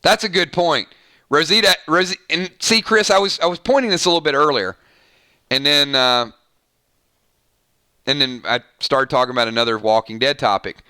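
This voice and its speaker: A male channel host chatting on a live stream, reading viewer comments, excitable and laughing often, talking straight to his viewers. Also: on the high side, moderate pace, no echo, studio quality.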